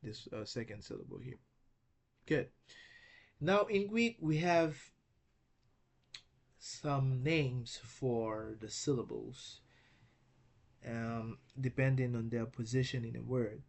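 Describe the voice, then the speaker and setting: A man gives a recorded lesson, talking slowly and patiently at a middle pitch. He spells words out sound by sound and keeps checking in with his listeners. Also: creaky. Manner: slow and patient, repeats words and checks with "okay?". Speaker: Greek teacher.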